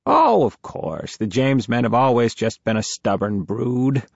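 A man's voice: mid-range voice, big pitch swings, unhurried, creaky, a little mellow, no echo, lo-fi sound, pitched above the performer's own voice, full character voice. A man voicing an elderly grandmother in an audiobook, with a dry, knowing way of talking. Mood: wry teasing. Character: elderly grandmother, wry and teasing.

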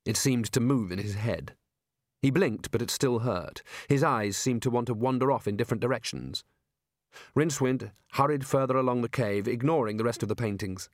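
A man narrating an audiobook in a wry, deadpan manner, close to the mic. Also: mid-range voice, no room sound.

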